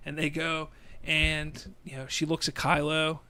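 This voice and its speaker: Rambling higher-voiced podcast co-host man. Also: flat delivery, measured pace, sharp tone, slight background noise. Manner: rambling, with many "you know" fillers. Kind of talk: casual chat, retelling a film plot. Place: indoor room, across a table from his co-host.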